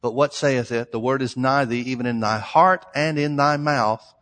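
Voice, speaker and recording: A man's voice: medium pitch, normal speed, a bit bright. A man preaching a sermon, emphatic, stretching out the scripture lines he reads. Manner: emphatic, reads scripture in old-style phrasing. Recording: long hall reverb.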